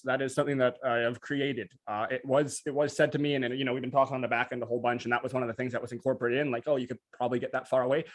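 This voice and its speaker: A man co-hosting a casual live stream, talking very fast with many restarts, over a video call. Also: medium pitch. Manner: very fast talker, restless restarts. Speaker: co-host.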